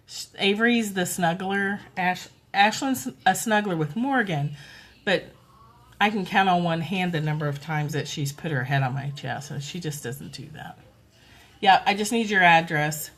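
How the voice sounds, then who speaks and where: A middle-aged woman chatting casually on a phone livestream at home, talking softly and cooing now and then to toddlers. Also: on the low side, moderate pace. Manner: chatty, soft, coos to toddlers. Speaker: livestream host.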